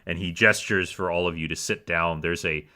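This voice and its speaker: A man narrating a tabletop role-playing game as game master, telling the scene with casual fillers. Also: low-pitched. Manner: slow, lively storyteller with fillers.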